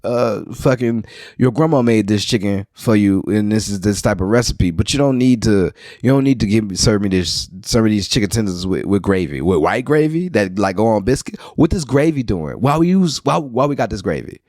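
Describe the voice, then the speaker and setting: A man's voice: fairly low pitch, animated, normal speed, darkish tone, dry recording, studio quality. A man from New Orleans hosting a podcast, rambling through a casual solo monologue with wry, profane asides. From New Orleans, Louisiana. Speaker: podcast host.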